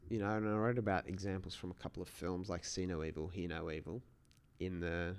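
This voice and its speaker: A man's voice: low-pitched, flat delivery, a little fast, clean tone. A man hosting a solo podcast, talking in a casual, rambling way with many restarts. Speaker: podcast host.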